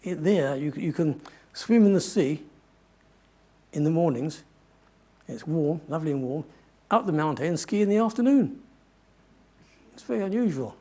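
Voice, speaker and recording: A man's voice: a little high, animated, moderate pace, warm tone. An older man giving a talk to an audience, telling a long adventure story in a rambling way and often correcting himself. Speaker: guest speaker.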